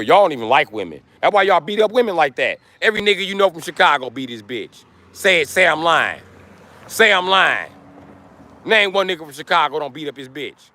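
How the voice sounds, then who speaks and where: A man's voice: fairly high pitch, pushed and bright, dry recording. A man livestreaming to his chat in a crude, taunting rant, hammering points home by repeating them, outdoors near parked vehicles. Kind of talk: live stream rant to chat.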